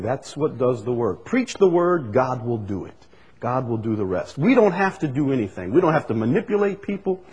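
A man's voice: medium pitch, darkish tone, husky. A male pastor, preaching a sermon with repeated, emphatic lines that rise in bursts. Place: church sanctuary. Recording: long hall reverb.

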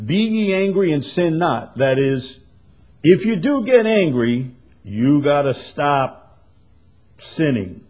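Pastor preaching real slow, kinda raspy voice, gets loud and emphatic then quiet again. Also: male voice, a little high, very animated. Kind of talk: sermon.

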